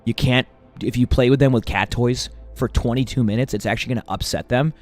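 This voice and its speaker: A man's voice: medium pitch, fairly even intonation, fairly quick, darkish tone, faint music behind, pitched below the performer's own voice, close to an everyday voice. A man mimicking a ranting know-it-all commenter. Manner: ranting, lecturing, insulting. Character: furious know-it-all online cat commenter, male adult.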